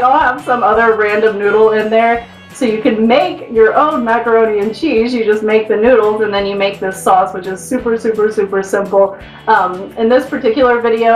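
Chatty upbeat woman, roomy and distant. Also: medium pitch. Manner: chatty and upbeat, with lots of "like" and "totally". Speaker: cooking channel host. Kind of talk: casual chat to camera. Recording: roomy echo from a distant mic.

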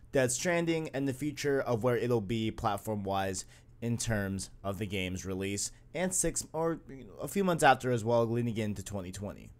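A man hosting a casual gaming news video, chatting loosely with many fillers and restarts. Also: medium pitch.

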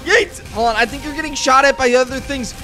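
A young man giving excited gameplay commentary, jumpy and yelping and shouting in panic. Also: extremely high pitch, fast talker. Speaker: gaming YouTuber. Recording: music playing behind the voice.

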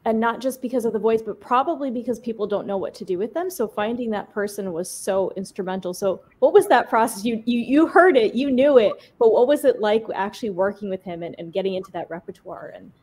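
A woman with a slightly high voice, asking engaged, curious questions as she hosts an interview. Her speech is conversational and responsive. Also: lively intonation, brisk, few pauses, a little mellow. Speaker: magazine interviewer, host.

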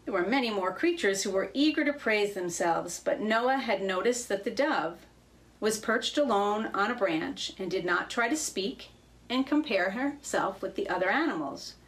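A woman reading a children's fable aloud at church in a measured, gentle way. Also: mid-range voice, expressive, poor audio. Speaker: church reader. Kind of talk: storytelling.

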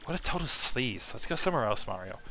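A sassy young mushroom girl, as a man plays her, snarky, blunt and teasing, in a low-key, quieter game voice. She mocks others without much effort. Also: sing-song, fast talker.

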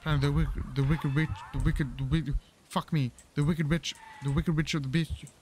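A man narrates his own horror game playthrough in a loose, crude, profanity-heavy way. He mutters mocking asides and silly jokes to himself as he goes. His voice sits a little on the high side. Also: steady tone, normal speed, a little mellow, a little hiss or hum. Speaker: gaming channel host.

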